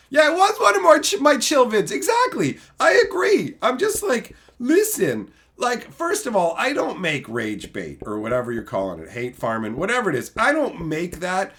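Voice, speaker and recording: A man's voice: fairly high pitch, a bit bright. A middle-aged man ranting casually on a livestream, reading chat and mocking commenters, with frequent swearing. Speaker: streamer reading live chat.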